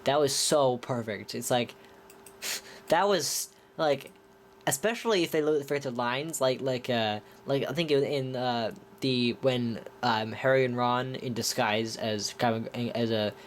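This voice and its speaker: A man's voice: mid-range voice, unhurried, a little hiss or hum. A man giving a casual movie review, rambling with many restarts and talking enthusiastically. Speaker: film reviewer.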